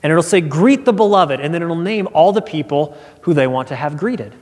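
A man preaching a sermon, earnest and expressive, acting out quotes as he tells a personal story. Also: a little high, a little fast. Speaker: pastor. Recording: long hall reverb.

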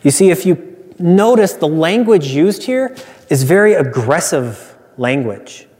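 A male pastor delivers an earnest, emphatic sermon, circling back to repeated refrains for emphasis. His voice sits a little high for a man. The sound carries a long, reverberant hall tail. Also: sing-song, measured pace, a little mellow.

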